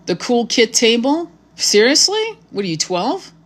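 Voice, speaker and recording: A woman's voice: on the high side, sing-song, measured pace. A woman tarot reader talking to camera in a casual monologue, blunt and confrontational, swearing freely and using spiritual vocabulary.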